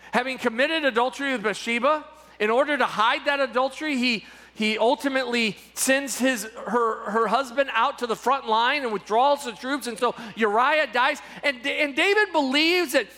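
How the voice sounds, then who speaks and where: Man preacher, high bright voice, emphatic and repetitive, heard in a long echoey hall. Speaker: pastor. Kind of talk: sermon.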